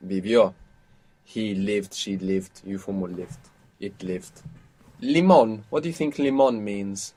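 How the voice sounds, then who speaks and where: A man's voice: fairly low pitch, slow, warm tone. A man teaching as a language teacher on an audio course, patient and explaining things step by step.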